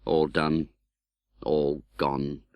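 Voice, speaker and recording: A man reading an audiobook in scripted narration, expressive and dramatic, voicing the young hero's pleas. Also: a bass voice, very slow, no echo.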